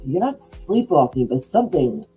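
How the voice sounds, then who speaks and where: Middle-aged woman rambling through a casual podcast chat, super mellow voice, faint guitar behind. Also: sits low, very animated, normal speed, rough recording. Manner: rambling, full of likes and restarts. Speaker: podcast co-host.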